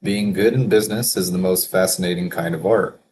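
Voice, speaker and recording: A man in a casual solo work session, thinking aloud and reading quotes slowly, chuckling to himself now and then. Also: low-pitched, fairly even intonation, a little mellow, slight background noise. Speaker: business consultant reading daily quotes.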